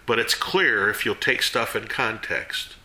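A man giving a casual sermon to a small group, folksy and animated, jumping between loud and hushed. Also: fairly low pitch, unhurried, roomy sound. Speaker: Bible teacher.

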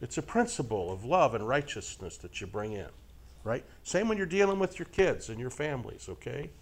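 Here a Bible teacher, a middle-aged man, preaches conversationally to a live audience in a mid-range voice at normal speed. He jokes around, stays lively and folksy, and keeps asking rhetorical questions and tag checks.

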